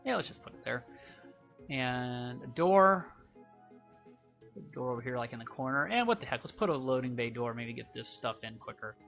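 A man's voice: medium pitch, expressive, moderate pace, creaky, a bit bright, highs cut off, soft background music. A young man hosting a gaming channel, giving casual, rambling game commentary with many fillers.

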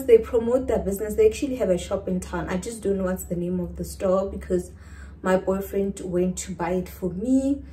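Slow-talking South African woman vlogger. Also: fairly high pitch, a little mellow, recorded from a distance, a little hiss or hum. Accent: South African English. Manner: chatty, keeps calling out to viewers as guys. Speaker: lifestyle vlogger. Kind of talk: casual chat to camera. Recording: echoey room, voice off-mic.

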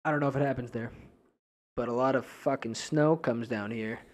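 A man's voice: mid-range voice, brisk, darkish tone. A young man from New Hampshire, co-hosting a podcast in casual, profane, rambling chat with frequent laughs. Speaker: podcast co-host.

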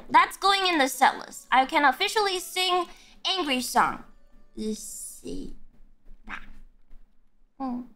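A woman's voice: very high voice, creaky, sharp tone. A woman streamer chatting casually on a live stream, giggly and self-mocking, often bursting into squeals.

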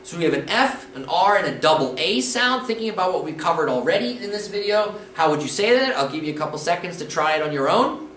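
A man teaching a casual language lesson, saying words slowly and more than once and often checking in with "okay?". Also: sits high, expressive, a bit bright, far from the mic, slight background noise. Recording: echoey room, voice a little off-mic.

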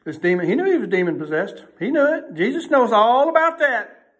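A man preaching a sermon in a folksy way, emphatic and swinging between loud and hushed delivery. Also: extremely high pitch, very animated, brisk.

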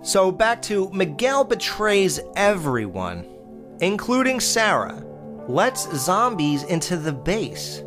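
A man's voice: high-pitched, very animated, slow pace, over music. A man in a casual horror-film review monologue, blunt and profane, exclaiming and mocking the characters. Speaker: podcast host reviewing horror films.

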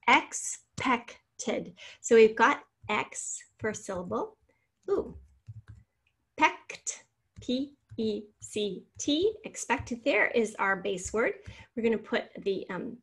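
A woman's voice: fairly high pitch, breathy edge. A woman teacher giving a spelling lesson, patiently sounding out syllables and spelling words letter by letter.

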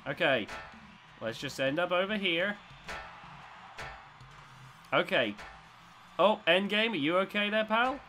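A man giving excitable commentary as he plays a robot combat video game, swinging between tense muttering and loud cheering. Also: high voice, slow pace, pauses often, soft background music. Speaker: gaming YouTuber.

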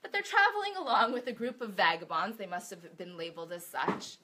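A woman giving a talk, telling a story in an expressive, animated way. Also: medium pitch, brisk, slightly rough.

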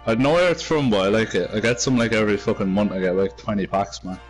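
A man's voice: on the low side, fast, soft background music. A man chatting casually and swearing a lot over a headset while gaming. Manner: swears constantly, laid-back. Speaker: gamer.

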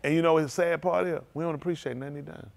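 A man preaching a sermon as pastor, in informal, vernacular speech that swings from low murmurs to loud exclaiming. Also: steady tone, very fast, gravelly. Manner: speaks in informal, vernacular English.

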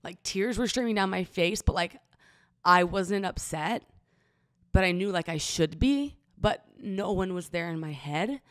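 A young woman with a low voice shares a personal story on her podcast, close to tears. She talks haltingly, restarting sentences and leaning on filler words. The sound is dry and close, with no room around it. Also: lively intonation, dry recording. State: emotional, near tears. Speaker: podcast host. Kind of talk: personal confessional monologue.

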